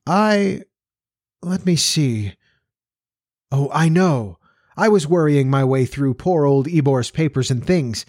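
A man's voice: mid-range voice, a little fast, a little mellow, no room sound, clean studio sound, close to an everyday voice. A man voicing a young male scientist who talks lightly and naturally. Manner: light, natural, easy talk.

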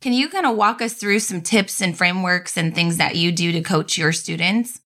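A woman hosting a podcast with a bright, forward voice. She talks in an energetic, enthusiastic way and swears casually. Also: lowish voice, normal speed. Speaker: podcast host.

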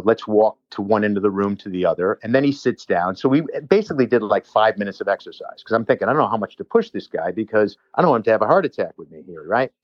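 A man's voice: on the low side, no echo, highs cut off. A man, a personal trainer, telling a long rambling story in casual chat with many restarts and asides.

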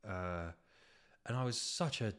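A man's voice: lowish voice, measured pace, a bit bright, clean tone. A young man hosting a podcast, telling a comically petty story in a profane, ranting way. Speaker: podcast host. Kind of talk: casual storytelling monologue.

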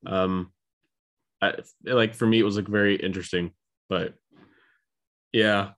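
A man's voice: fairly low pitch, steady tone, a little slow, fairly bright tone. A man from Missouri co-hosting a podcast, telling stories in a rambling casual chat with frequent restarts. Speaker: podcast co-host.

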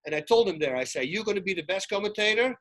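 A man, a retired fighter turned commentator, telling animated stories as a podcast guest and acting out the dialogue. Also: high-pitched, fast. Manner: excitable, acts out quoted dialogue, frequent restarts. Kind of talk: animated storytelling in casual chat.

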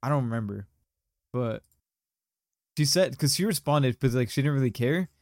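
A man's voice: medium pitch, expressive, moderate pace, no room sound, studio quality. A young man hosting a podcast, telling a story in casual chat with lots of slang and fillers. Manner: rambling, slangy, many fillers. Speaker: podcast host.

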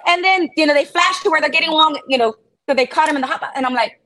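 A woman co-hosting a casual sports podcast, telling stories animatedly and acting out her own shouts. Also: high-pitched, quick pace. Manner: animated storytelling, acts out shouting. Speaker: podcast co-host.

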